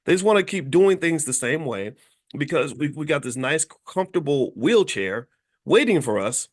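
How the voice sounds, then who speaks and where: A man's voice: a little high, sing-song, normal speed. A middle-aged man from Kentucky giving a blunt, lecturing casual monologue as a commentator host. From Louisville, Kentucky.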